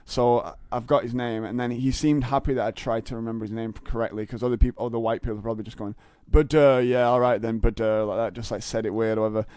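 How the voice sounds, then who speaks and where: Smooth-voiced young man telling stories. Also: mid-range voice, little pitch movement, racing, hardly any pauses, warm tone, no echo, studio quality. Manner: rambling anecdotes with many fillers and restarts. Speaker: podcast guest, comedian. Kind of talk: casual storytelling chat.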